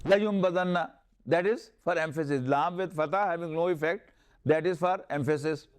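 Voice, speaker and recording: High-voiced Pakistani man teaching grammar. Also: normal speed, slight background noise. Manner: explains step by step, repeating terms and reciting Arabic verses. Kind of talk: classroom lecture.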